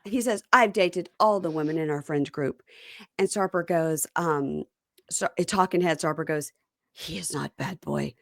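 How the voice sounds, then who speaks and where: A woman hosting a casual chat, retelling reality TV scenes with quick mock voices and lots of "so, um". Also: fairly low pitch, dry recording, clean studio sound. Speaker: podcast host.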